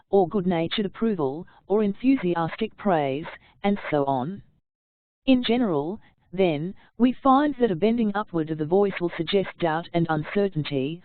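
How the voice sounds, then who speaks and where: A woman narrating an audiobook on public speaking, reading in a measured, deliberate way. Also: on the low side, no room sound. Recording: tinny phone-like dry sound.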